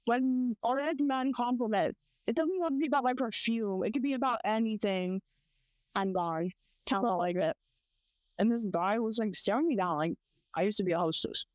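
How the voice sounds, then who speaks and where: Young american woman, higher voice, swears a lot, rambles through stories, dry sound. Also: normal speed, a little mellow, dry recording. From United States. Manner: profane, rambling storytelling with quoted voices. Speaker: podcast co-host. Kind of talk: casual chat.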